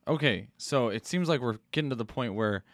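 A man co-hosting a religious talk show, answering thoughtfully with ums and pauses. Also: mid-range voice, lively intonation, no room sound, studio quality. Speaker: co-host. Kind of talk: casual discussion.

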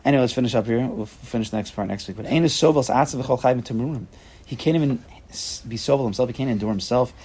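A man leading an informal Torah class, animated and acting out quotes with sudden loud jumps in his voice. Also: mid-range voice, fast talker, slightly rough.

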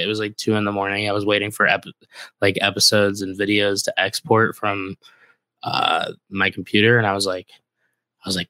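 A man's voice: fairly low pitch, little pitch movement, normal speed, sharp tone, clean tone, no room sound. A man from the American Midwest hosting a podcast, telling a rambling, casual story full of filler "like"s. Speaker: podcast host.

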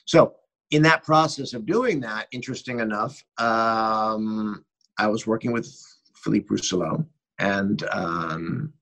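A middle-aged man, a cinematographer, telling rambling and animated anecdotes in an interview, often restarting his sentences. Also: fairly low pitch, takes it slowly, poor audio. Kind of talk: interview storytelling.

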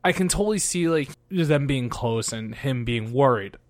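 A man with a middle-pitched voice chats as a podcast co-host. He sounds relaxed and rambling, and laughs easily. The recording is dry and close. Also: normal speed, no room sound. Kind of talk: casual recap chat.

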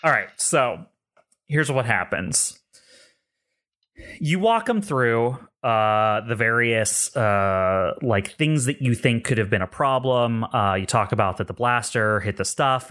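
A man running a tabletop game as game master, relaxed and joking, swearing casually. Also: mid-range voice, takes it slowly. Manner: relaxed, swearing, laughs at players.

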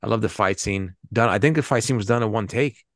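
Very deep, gravelly man on a podcast. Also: fast talker, dry recording, studio quality. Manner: rambling, swears casually. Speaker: podcast co-host. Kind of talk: casual movie-review chat.

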